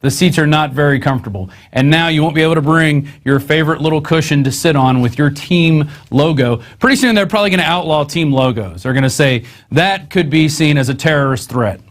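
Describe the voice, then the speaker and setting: A man's voice: on the high side, brisk, hardly any pauses. A man hosting a news show, reading articles aloud and adding sarcastic, conversational asides.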